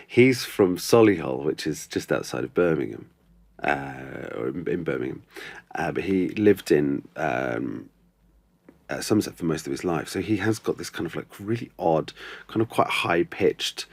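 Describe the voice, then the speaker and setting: A man's voice: low-pitched, vocal fry, dry recording. A male actor chatting as a podcast guest, thoughtful, with many ums and restarts. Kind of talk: casual interview chat.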